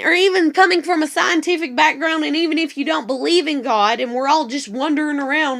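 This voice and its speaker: Ranting in a high, sharp voice with vocal fry, this woman vents emotionally on her vlog. She curses constantly and keeps repeating herself to drive each point home.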